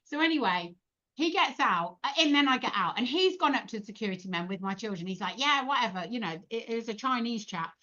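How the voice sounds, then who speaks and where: Lively woman telling stories. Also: a little high, fast. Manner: animated, laughing, acts out quoted voices. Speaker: podcast guest. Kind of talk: casual storytelling chat. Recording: dull lo-fi podcast audio.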